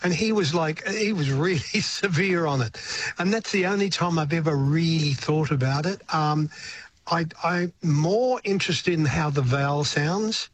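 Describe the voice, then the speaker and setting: An older man with an Australian accent talks in a reflective, rambling way and often restarts his sentences. His voice sits fairly high for a man, and a faint background hum runs under the recording. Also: moderate pace. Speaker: retired singer-songwriter guest. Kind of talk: radio interview.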